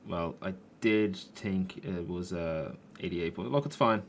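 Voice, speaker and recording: Low-voiced man swearing over gameplay. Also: unhurried, a little hiss or hum. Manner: swearing, frustrated outbursts at the game. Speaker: gaming YouTuber. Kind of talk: gameplay commentary. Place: his room at home.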